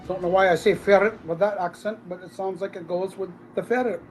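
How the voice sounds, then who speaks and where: A man running a live comic book auction, congested from a sinus infection, joking loosely and clearing his throat as he lists issues and prices. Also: high-pitched, steady tone, fast talker, soft background music, low-quality recording. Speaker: auction seller.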